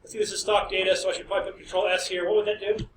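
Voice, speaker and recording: A man's voice: high-pitched, little pitch movement, rapid-fire. A middle-aged man, a professor, lecturing a class in a chatty way, with storytelling asides. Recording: echoey classroom, distant mic, faint noise.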